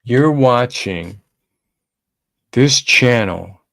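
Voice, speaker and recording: A man's voice: medium pitch, expressive, drawn-out words, gravelly, a bit bright, no echo. A man co-hosting a podcast in casual talk, emphatic and repeating his key lines. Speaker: podcast co-host.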